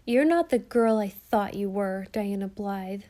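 A woman's voice: mid-range voice, unhurried, mellow, natural voice. A woman voicing a sulky, scornful young girl in a storybook reading. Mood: mocking.

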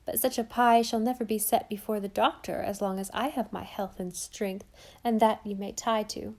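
Give your line a blunt devoted old housekeeper read by a woman in a storybook. She speaks her mind in quaint old sayings with a mellow, warm tone. The delivery is firm and emphatic. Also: medium pitch, steady tone, moderate pace, close to an everyday voice.

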